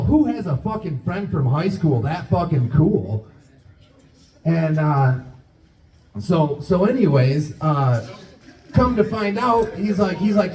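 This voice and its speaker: A man's voice: sits high, animated, unhurried, a little mellow. A man doing stand-up, telling a rambling, profane story and acting out both sides of the conversation. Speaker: stand-up comedian. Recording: roomy, distant, dull club recording.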